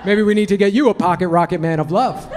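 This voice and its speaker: A man's voice: high-pitched, quick pace. A man doing a stand-up comedy set on stage, brash and profane, telling punchy stories into a handheld mic. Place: comedy club stage before a laughing audience. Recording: noisy live club recording. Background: audience laughter.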